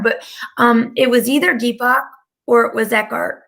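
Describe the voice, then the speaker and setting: A woman's voice: a little high, steady tone, normal speed, vocal fry, fairly bright tone. A woman giving a casual, rambling live-stream talk as a spiritual channeler, filling her speech with "like". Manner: chatty and rambling, heavy use of "like".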